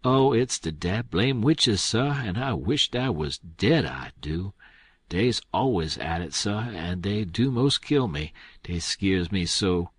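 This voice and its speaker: A man's voice: on the low side, expressive, takes it slowly, breathy edge, no echo, heavily acted. A man voicing a frightened, superstitious farmhand who pleads in rambling dialect speech. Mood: fearful pleading.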